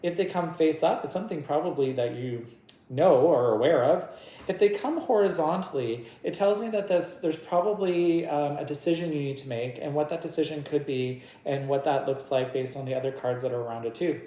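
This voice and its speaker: The woman's voice is low and warm, and she talks fairly quickly. She's a tarot reader doing a casual, giggly reading and chatting away to her cards, recorded in an echoey room with a bit of faint noise.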